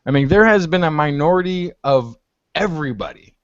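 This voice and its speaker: A man chatting on a video call in a lively, up-and-down voice that sits a little high for a man, acting out the conversations he retells. The call audio is dull and lo-fi, and the sound is dry with no room in it. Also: a little fast, no room sound. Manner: animated storytelling, acts out quoted exchanges. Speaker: hangout panelist. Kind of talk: casual group video chat. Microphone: computer mic on a video call.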